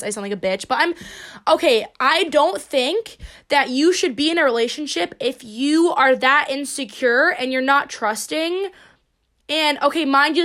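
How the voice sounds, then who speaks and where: A woman's voice: high-pitched, a bit bright. A young woman hosting a podcast, telling stories in a brash, joking, profane way. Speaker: podcast host. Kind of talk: casual solo podcast chat.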